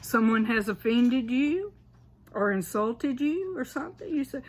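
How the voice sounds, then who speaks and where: A woman's voice: fairly high pitch, expressive, unhurried. A woman with a Southern US accent, casually explaining regional sayings, often checking in with an "okay" and laughing now and then. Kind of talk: casual explainer, partly read aloud.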